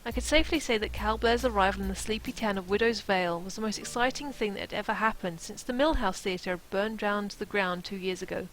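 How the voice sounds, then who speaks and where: A woman's voice: mid-range voice, fast, hardly any pauses, fairly bright tone, low-quality recording. A woman streaming herself reading a novel aloud, stopping for playful, chatty asides.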